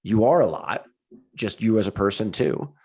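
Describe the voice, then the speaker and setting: A man co-hosting a podcast, friendly and casual, quick to laugh and calling people dude. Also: lowish voice, animated, darkish tone, breathy edge, low-quality recording. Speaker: podcast co-host.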